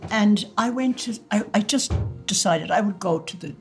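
An older Irish woman recalling her life, telling stories in a lively way and acting out the voices of people in them. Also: medium pitch, normal speed, faint music behind. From Ireland. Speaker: interviewee. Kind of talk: personal storytelling.

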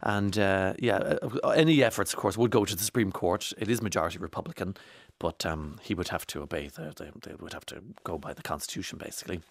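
Male presenter, lowish voice, dry studio, rambling news commentary. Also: fast, gravelly, no echo. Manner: chatty, digressive, many fillers. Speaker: radio presenter.

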